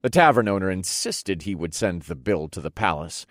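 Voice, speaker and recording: Low-voiced man narrating an audiobook. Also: lively intonation, moderate pace, dry recording, studio quality. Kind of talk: first-person audiobook narration.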